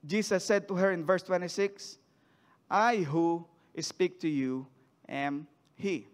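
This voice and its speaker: Male preacher, high voice, reading scripture and questioning the church, long hall reverb. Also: steady tone, slow. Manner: reads scripture then asks the congregation questions. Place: church sanctuary.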